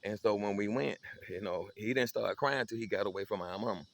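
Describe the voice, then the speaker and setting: A man's voice: lowish voice, brisk, creaky. Stammering storyteller man. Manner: stammering repetitions, laughing asides. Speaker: storyteller host. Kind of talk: comic personal storytelling.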